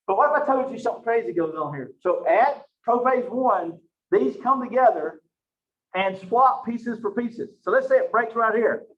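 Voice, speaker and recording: A man teaching a biology lecture, lively and joking at his own expense, with frequent rhetorical questions. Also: extremely high pitch, moderate pace. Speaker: biology instructor. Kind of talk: recorded online lecture. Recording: roomy, distant, dull lo-fi mic.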